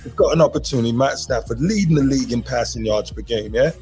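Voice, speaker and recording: A man's voice: mid-range voice, quick pace, mellow, soft background music, lightly acted. A man putting on a playful British pundit voice while making a football pick. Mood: mock confident.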